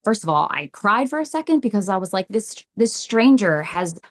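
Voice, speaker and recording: A woman, a psychic medium, telling stories in a podcast interview, animated and repeating phrases as she acts out what people said. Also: medium pitch, moderate pace.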